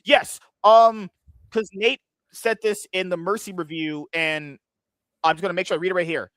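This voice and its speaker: A man's voice: high-pitched, fairly even intonation, moderate pace, a bit bright, no room sound. A man hosting a podcast in casual crude banter, joking and rambling. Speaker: podcast host.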